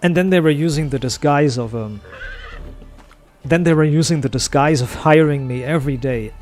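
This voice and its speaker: A man's voice: a little high, moderate pace, a little mellow, faint music behind. A young man streaming a game, telling a story in a casual, profane rant full of restarts. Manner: ranting, profane, frequent restarts. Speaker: gaming streamer. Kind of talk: casual storytelling while gaming.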